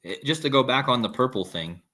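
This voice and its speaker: A man's voice: medium pitch, lively intonation, fairly quick, sharp tone. A man hosting a casual live stream, rambling with restarts and reading viewer comments aloud. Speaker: livestream host.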